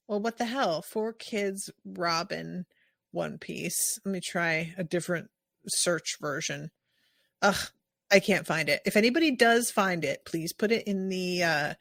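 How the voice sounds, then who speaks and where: Woman podcast host, American, expressive and lively, mid pitch, dry close-mic sound. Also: gravelly, no room sound. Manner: animated, expressive, quick asides. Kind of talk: casual podcast chat.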